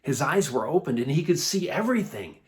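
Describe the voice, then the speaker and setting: Animated man telling a children's Bible story. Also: fairly high pitch, brisk. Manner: animated, playful, laughs often. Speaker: children's church teacher.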